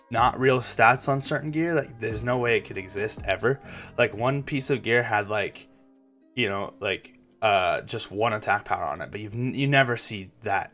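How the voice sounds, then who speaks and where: A man's voice: fairly low pitch, a bit bright. A young man hosting a gaming channel chats casually and rambles, swearing often and stumbling into restarts. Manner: rambling, profane, stammering restarts. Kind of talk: casual chat.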